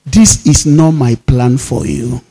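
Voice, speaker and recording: A deep, slow and solemn divine voice gives quiet commands, as a preacher puts it on. The tone sits well below his usual preaching pitch and is measured and directive. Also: very animated, breathy edge, full character voice. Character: God speaking as a calm, commanding male voice.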